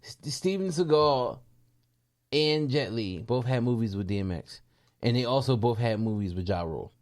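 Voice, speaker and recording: A podcast co-host chats casually at a moderate pace in a mid-range voice. He tells stories animatedly and laughs a lot.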